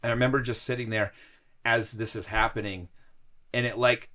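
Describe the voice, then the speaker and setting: A man's voice: medium pitch, a little fast. A middle-aged man, a podcast guest, telling personal stories in a casual interview and often laughing as he talks. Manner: animated, laughs through stories.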